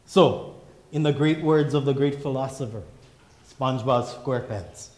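A pastor preaching a sermon in emphatic, repeating refrains. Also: male voice, medium pitch, moderate pace, roomy sound, background noise.

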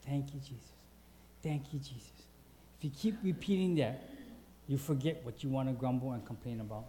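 A man's voice: fairly high pitch, warm tone. A man preaching a sermon in a conversational way, asking the congregation questions and reading scripture aloud.

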